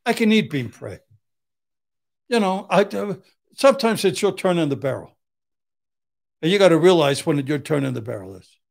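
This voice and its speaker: Give me a blunt older man with a gravelly, slightly high voice, acting out quotes in rough, profane stories. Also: sing-song, moderate pace, pauses often. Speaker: guest, criminal defense attorney. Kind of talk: casual storytelling chat.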